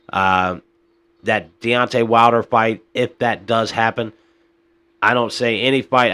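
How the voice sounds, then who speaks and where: A man's voice: lowish voice, a bit bright. A man hosting a podcast, giving casual boxing commentary in a rambling, frustrated way, often tossing in "man" and "uh.". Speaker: podcast host.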